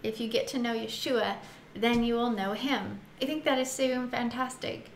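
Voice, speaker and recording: A woman's voice: fairly high pitch, steady tone, moderate pace, gravelly. A woman casually leading a Bible study, reading scripture aloud, giggling often and stopping to muse on what she reads. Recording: echoey room with faint noise.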